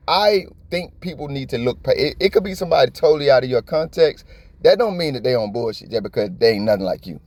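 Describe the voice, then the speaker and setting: A man's voice: medium pitch, a little mellow, dry recording. A man giving blunt, profane, impassioned reaction commentary in a slangy, conversational way. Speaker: video commentator.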